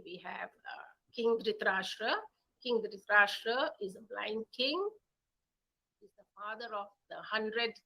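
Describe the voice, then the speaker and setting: A woman with an Indian English accent telling a children's story in an animated, playful way. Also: a little high, rough recording. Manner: animated, playful voices and sound effects.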